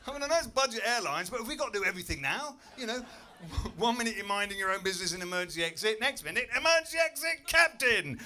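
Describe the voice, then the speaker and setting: A man from Britain doing stand-up comedy in a club, telling stories with loud incredulous outbursts. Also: sits high, fast talker, few pauses. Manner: animated storytelling, bursts into loud incredulous outbursts. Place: comedy club stage before a live audience.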